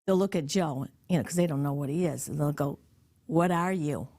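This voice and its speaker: A woman's voice: low voice, fast talker. A middle-aged woman from upstate New York chatting on a family podcast, telling stories and acting out the voices of the people in them. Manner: animated storyteller, acts out quoted voices, laughs often. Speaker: podcast guest, host's mother. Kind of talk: casual family podcast chat.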